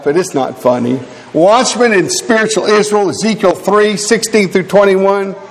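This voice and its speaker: A man's voice: fairly high pitch, vocal fry. An older man preaching a fiery sermon, emphatic and full of rhetorical questions aimed at his brethren. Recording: long hall reverb.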